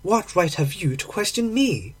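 A man's voice: high voice, very animated, normal speed, slightly rough, exaggerated voice. A man voicing a mysterious, guarded young aristocratic lady in a read-aloud story.

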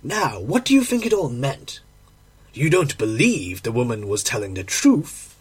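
A man's voice: medium pitch, very animated, unhurried, slightly rough. A man narrating a classic short story in a dramatic, emotional audiobook reading. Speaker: audiobook reader.

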